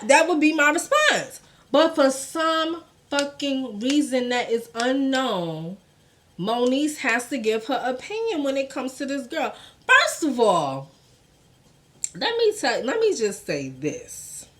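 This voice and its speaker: A woman's voice: high-pitched, big pitch swings, slow, a bit bright. A woman hosting a casual gossip commentary show, blunt and profane, talking in with laughing asides.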